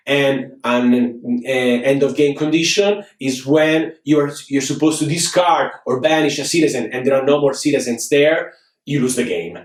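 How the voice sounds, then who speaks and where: A man, hosting a casual board game review, talking in an animated way with many fillers and restarts. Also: mid-range voice, moderate pace. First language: Italian. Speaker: board game show host. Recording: roomy, from a distance.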